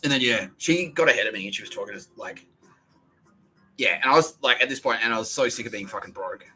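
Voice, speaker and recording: A man's voice: lowish voice, fast talker, sharp tone, husky, faint music behind, rough recording. A man with an Australian accent, hosting a podcast, telling a rambling story full of swearing and laughter. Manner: profane, laughing, agitated storytelling. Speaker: podcast host. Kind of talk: rambling monologue.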